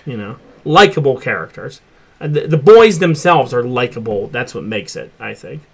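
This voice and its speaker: A man's voice: mid-range voice, very animated, moderate pace, creaky, breathy edge. A man hosting a casual pop culture chat show, talking loosely and swearing freely. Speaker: podcast host.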